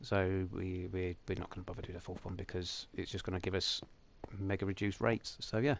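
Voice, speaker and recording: A man's voice: low-pitched, little pitch movement, brisk, gravelly, slight background noise. A young man hosting a game livestream, talking through it in a chatty, jokey, rambling way. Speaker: livestream host. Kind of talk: casual game commentary.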